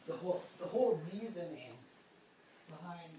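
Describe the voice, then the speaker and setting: A man's voice: fairly high pitch, animated, moderate pace, dark tone, echoey room, slight background noise, poor audio. A young man with a cold, chatting casually as podcast co-host and making dry jokes at his own expense, recorded on a phone lying on a table. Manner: rambling, dry self-mocking jokes. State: sick with a cold. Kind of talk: casual chat. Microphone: phone laid on a table.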